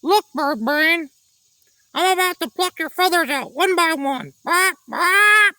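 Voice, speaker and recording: A man voicing a rude, bossy male parrot with a shrill squawk in a read-aloud picture book. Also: expressive, slow pace, pushed and bright, dry recording, studio quality, full character voice. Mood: screeching.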